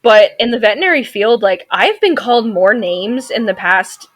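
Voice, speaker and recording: A woman's voice: on the high side, expressive, moderate pace. A woman in her thirties, a veterinary technician, telling stories as a guest on a casual podcast in a sassy, outspoken way. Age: 30s. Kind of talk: casual interview chat.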